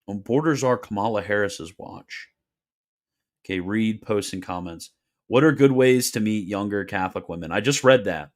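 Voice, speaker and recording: A man casually hosting a livestream Q&A, reading viewer questions with wry, joking asides and frequent laughter. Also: sits low.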